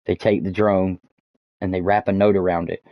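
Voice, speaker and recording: A man with a very low voice tells a long story as he streams, stumbling through fillers and restarts and swearing freely. His mic sounds dull and lo-fi, in a dry room with no echo. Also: level tone, moderate pace. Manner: rambling, many fillers and restarts, swears often. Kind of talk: casual storytelling while gaming. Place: home streaming setup.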